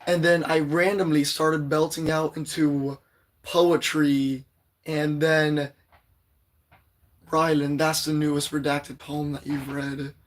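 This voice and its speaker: A teenage boy with a hoarse, strained voice, chatting loosely with viewers on his livestream and clearing his throat often. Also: a little high, flat delivery, slow pace. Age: teens. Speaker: livestream poetry host. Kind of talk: casual livestream chat.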